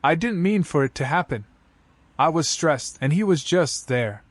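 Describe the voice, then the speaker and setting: Defensive teary wife, narrator doing her voice, pitched up, dry sound. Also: expressive, moderate pace, dry recording, natural voice. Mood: pleading. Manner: pleading then blaming. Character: defensive tearful young wife caught cheating.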